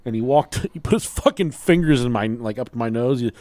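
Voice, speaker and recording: A man's voice: medium pitch, expressive, fairly quick, a little mellow. A man hosting a podcast, telling a rambling childhood story in casual chat, swearing freely and laughing as he goes. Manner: profane, laughs through his own story. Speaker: podcast host.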